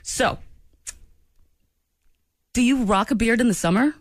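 A woman co-hosting a radio show in casual banter, animated and giggly, with sudden squeals. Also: fairly high pitch, unhurried, dry recording, studio quality. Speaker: radio host.

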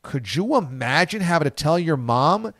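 A man's voice: fairly high pitch, very animated, normal speed, a bit bright, dry recording, clean studio sound. A man hosting a sports radio show, reading listener tweets in casual banter and laughing often.

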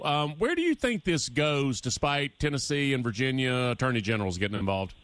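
A man hosting a sports talk radio show, talking emphatically. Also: brisk. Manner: animated, emphatic, shifts pitch a lot.

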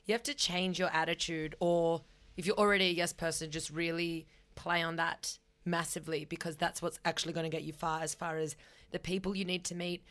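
Chatty Australian woman, low voice. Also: little pitch movement, brisk, fairly bright tone. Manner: candid and chatty, swears freely. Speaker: podcast host. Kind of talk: casual advice and storytelling.

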